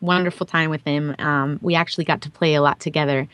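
A woman from Italy, raised bilingual in Italian and English, a singer guest who talks warmly and laughs often. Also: low-pitched, steady tone, fast talker, dry recording. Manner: warm, laughs often, affirming. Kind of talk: casual interview chat.

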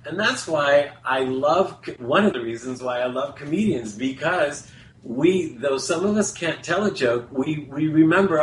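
A man's voice: fairly high pitch, expressive, normal speed. A man hosting a radio talk show, telling a personal story in a casual, rambling way with restarts and self-corrections. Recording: roomy echo, faint background hum.

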